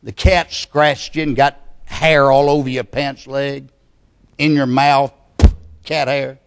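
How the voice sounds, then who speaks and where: Slow, emphatic preacher man. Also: mid-range voice, little pitch movement, creaky, clean tone. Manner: slow, emphatic, building to loud passion. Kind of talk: sermon.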